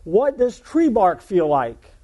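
An eager, pushy man pleading to keep his dog at his side, as a man puts him on in a joke. His voice is warm and sits slightly high. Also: big pitch swings, slow, heavily acted. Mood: quizzing.

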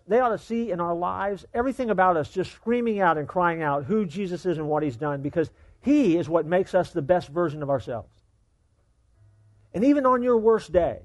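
Male pastor, high voice, emphatic sermon delivery with restarts, church service. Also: darkish tone. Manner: emphatic, repeats words while building a point. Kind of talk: sermon with prayer.

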